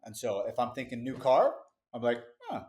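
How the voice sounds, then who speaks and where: Man telling a lively story. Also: mid-range voice. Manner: lively anecdotal, quick asides, laughs easily. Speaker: business founder, podcast guest. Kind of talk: casual interview storytelling.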